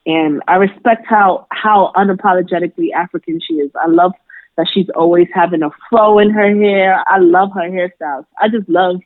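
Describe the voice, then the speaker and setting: A young adult woman, a makeup artist, chatting casually in an interview, full of fillers and lively quoted voices. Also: on the low side, moderate pace, dry recording. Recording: dry tinny phone-like sound.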